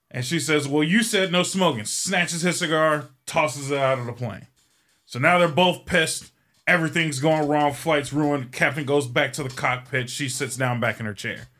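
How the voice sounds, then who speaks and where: A man's voice: fairly high pitch, pushed and bright. A man hosting a show who tells a long joke in a rambling, casual way, swearing freely and filling his speech with ums. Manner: rambling and profane, with frequent fillers. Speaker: show host.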